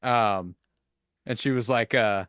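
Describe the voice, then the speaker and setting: Male co-host, casual film chat, animated and profane, smooth clear voice, dry close sound. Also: mid-range voice, takes it slowly, dry recording. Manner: animated, swears freely, many restarts. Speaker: podcast co-host.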